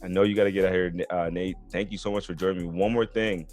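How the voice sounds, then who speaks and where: A male podcast host with a low-pitched voice, chatting casually and earnestly and dropping "bro" and "man" into his sentences. Faint music sits underneath him. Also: steady tone, quick pace, a little mellow. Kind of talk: casual sports podcast chat.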